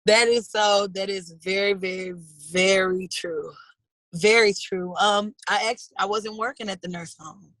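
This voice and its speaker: A woman's voice: mid-range voice, steady tone, moderate pace, a bit bright, no echo, low-quality recording. A woman in her thirties speaking in a heartfelt, earnest way in a personal interview, often calling people "baby". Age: 30s.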